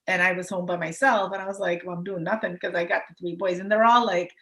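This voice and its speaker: A woman's voice: lowish voice, steady tone, quick pace, sharp tone. A woman in her fifties, a podcast guest, telling a story in a rambling, casual way full of "like" and "you know". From United States. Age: 50s.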